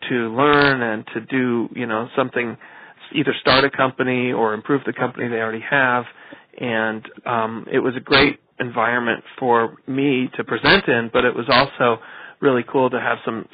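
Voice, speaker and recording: A man who co-founded a business, speaking in a relaxed way with many fillers during an interview. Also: mid-range voice. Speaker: distillery co-founder. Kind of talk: casual interview. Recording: dull lo-fi audio.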